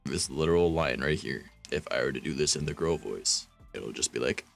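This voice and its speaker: A man's voice: extremely low pitch, expressive, brisk, gravelly, few pauses, soft background music. A man streaming, reading fanfiction aloud and rambling about it with wry, self-mocking asides.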